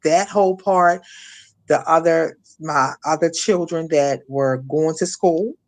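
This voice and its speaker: A middle-aged woman from Maryland giving an emotional personal testimony as an interview guest, halting, repeating words and acting out what others said. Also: low-pitched. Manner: halting, repeats words, acts out quoted voices. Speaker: guest, shooting survivor.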